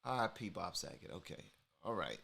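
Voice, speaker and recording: A man's voice: deep voice, big pitch swings, fairly quick, gravelly, bright, forceful tone, slightly rough. A man hosting a casual reaction video, talking in slang straight to his viewers.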